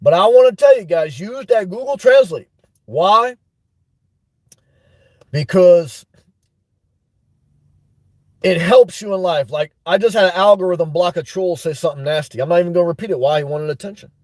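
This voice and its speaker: A middle-aged man runs a casual livestream, answering chat and laughing often. His voice sits fairly high for a man. The sound is dry and close to the mic. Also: moderate pace, long pauses, a little mellow, no echo. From New York. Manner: chatty, laughs often, reads comments aloud. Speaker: livestream host. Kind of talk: live chat shout-outs.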